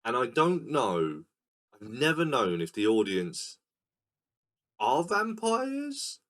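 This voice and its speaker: Animated low-voiced man on a podcast. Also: a little slow. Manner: animated, acts out scenes in silly voices. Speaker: podcast co-host. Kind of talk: casual film podcast chat. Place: recording room.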